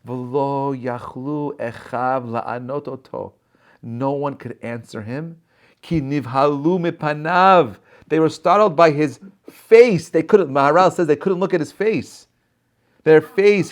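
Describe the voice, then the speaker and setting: A rabbi giving a short inspirational Torah talk over a video call, telling the story with rhetorical questions and frequent "right?" and "okay?". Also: male voice, sits high. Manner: peppers speech with "right?" and "okay?".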